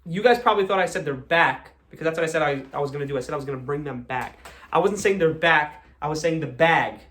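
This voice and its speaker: American male magician, young, slightly high voice, jokey and chatty patter. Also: fast talker, fairly bright tone. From United States. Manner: chatty, joking, self-deprecating. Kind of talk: live magic show patter.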